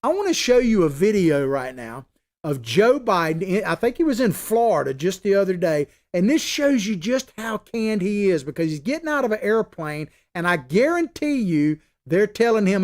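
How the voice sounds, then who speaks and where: A man with a fairly high voice holds forth on a political talk show. He is opinionated and emphatic but stays conversational, like a middle-aged host talking straight to his regular viewers. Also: very animated, moderate pace. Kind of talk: casual political commentary.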